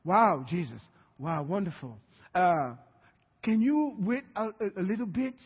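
A man preaching a sermon as pastor, telling the story in a lively way and acting out scenes in different voices. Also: high voice, unhurried, husky. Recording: reverberant hall, dull sound.

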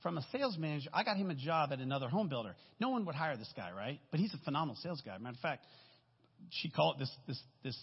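This guest speaker's voice is on the high side and husky, animated and fast as he delivers a candid, rambling testimony sermon in a church sanctuary. He frequently checks in with "right?", heard through a dull recording with long hall reverb.

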